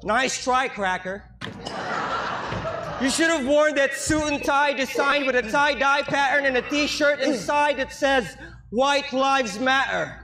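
A man from the Philippines, delivering taunting rap battle verses with punchy lines and bursts of shouting. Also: extremely high pitch, slow pace. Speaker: battle rapper.

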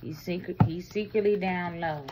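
A woman giving a casual tarot reading, talking bluntly and explicitly, swinging between loud bursts and low murmurs. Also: steady tone, normal speed, heavy background noise. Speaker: tarot reader.

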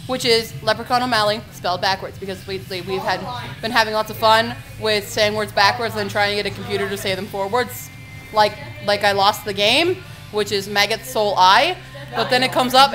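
A woman hosting a casual video diary, talking in an excitable, rambling way with quick restarts. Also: medium pitch, low-quality recording. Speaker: vlog host.

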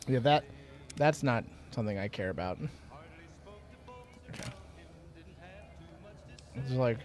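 A man's voice: mid-range voice, animated, slow pace, pauses often, darkish tone, faint music behind. A man co-hosting a let's play, talking casually and muttering to himself while he plays. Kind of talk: casual gaming chat.

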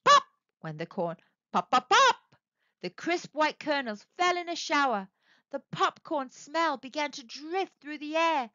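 A woman narrating a children's story aloud in an expressive, sing-song way. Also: sits high, unhurried, no room sound, muffled recording.

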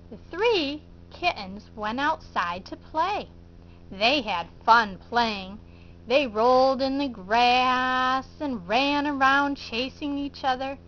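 A woman storyteller reading to preschoolers at a very slow, deliberate pace, her voice high and sing-song. She keeps inviting the little listeners to join in. The recording is muffled and lo-fi. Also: a bit bright, slight background noise. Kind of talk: preschool felt-board storytelling. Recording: dull lo-fi recording.

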